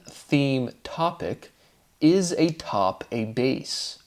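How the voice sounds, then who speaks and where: A man giving a rambling solo monologue, posing rhetorical questions to himself and dwelling on wordplay, slowing right down as he asks them. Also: mid-range voice, animated. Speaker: solo lecturer. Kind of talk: solo spoken monologue on word theory.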